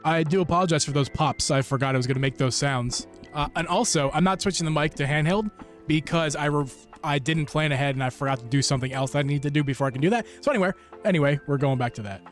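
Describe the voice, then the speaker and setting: A man chatting on a casual live stream from a room at home, his voice set a little high for a man. He rambles, restarts his sentences and gives eager shout-outs to the chat. Faint music plays behind him. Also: fast talker. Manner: rambling, self-interrupting, enthusiastic shout-outs. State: hot and sweaty. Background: background music.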